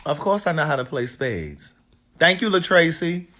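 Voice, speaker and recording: A raspy-voiced man from Maryland, an author hosting a casual livestream from a hotel room and greeting viewers by name. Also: on the high side, very animated, moderate pace, pushed and bright.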